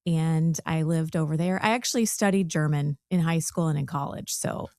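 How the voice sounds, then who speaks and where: A woman's voice: low-pitched, fairly even intonation, normal speed, a little mellow, no echo, clean studio sound. A woman in her forties from the American South, a podcast guest telling her story in a chatty way with laughs. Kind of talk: casual interview chat.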